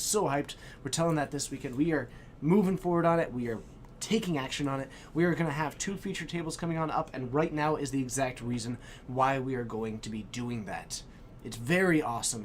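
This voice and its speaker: A man hosting a live stream, chatting with viewers in a hyped, exclamatory way and breaking into shouts. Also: medium pitch, a little hiss or hum. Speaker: stream host. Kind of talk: excited live-stream chat.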